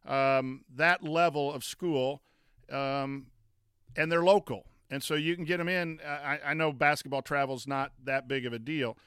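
A man's voice: medium pitch, steady tone, measured pace, fairly bright tone, clear, resonant tone, no room sound, clean studio sound. A man, a former coach co-hosting a casual sports chat, rambling with many fillers and restarts. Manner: reads chat comments aloud. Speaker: podcast co-host, former coach.

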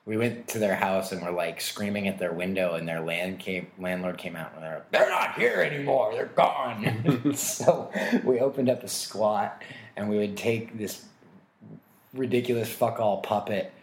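Deep-voiced male comedian guest, loose rambling storyteller, roomy sound. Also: moderate pace, darkish tone, slight background noise. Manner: rambling, self-mocking, laughs often. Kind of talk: casual storytelling interview. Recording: roomy echo.

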